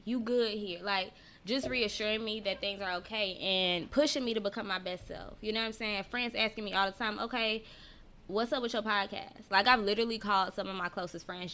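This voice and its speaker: A woman with a bright, ringing voice hosts a loose live-stream chat for her podcast. She talks straight to her viewers, reads their comments aloud and laughs often. Her delivery is animated. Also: medium pitch. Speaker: podcast host; teacher. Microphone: personal mic.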